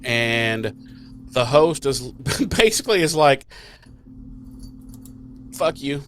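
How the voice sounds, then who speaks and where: A man's voice: medium pitch, sing-song, takes it slowly, a little hiss or hum. A man co-hosting a podcast, chatting casually and heatedly, swearing a lot and acting out the characters' lines. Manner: profane, heated, acts out characters. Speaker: podcast co-host. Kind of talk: casual recap chat.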